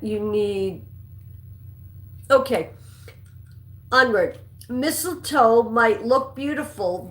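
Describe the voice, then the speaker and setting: Slow-talking woman hosting live trivia, echoey. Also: on the high side. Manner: chatty, greets viewers, stumbles and restarts while reading. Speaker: live-stream trivia host. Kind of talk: live-stream trivia hosting, reading questions and chat. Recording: echoey room.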